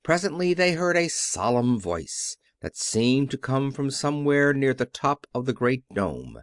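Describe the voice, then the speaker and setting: A man narrating a classic children's story as an audiobook with expressive storytelling. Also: mid-range voice, measured pace, no room sound, clean studio sound. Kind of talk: scripted narration.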